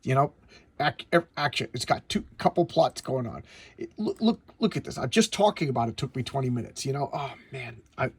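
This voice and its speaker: A man's voice: mid-range voice, animated, a little fast, husky, no room sound. A middle-aged man chatting casually about old comics, enthusiastic and rambling, with lots of stammered restarts. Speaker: comic collector host. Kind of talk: casual comic review chat.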